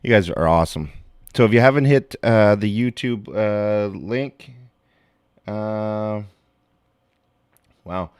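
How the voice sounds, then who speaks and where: Male streamer, low voice, smooth and clean, dry close sound, loose rambling chat. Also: slow, long pauses, darkish tone, no room sound. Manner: rambling, greets chatters by name. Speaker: livestream host. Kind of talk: casual livestream chat.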